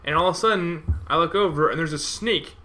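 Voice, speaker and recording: A young man rambling excitedly through an anecdote on a podcast, swearing freely. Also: fairly high pitch, brisk. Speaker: podcast co-host. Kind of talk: casual chat over beers.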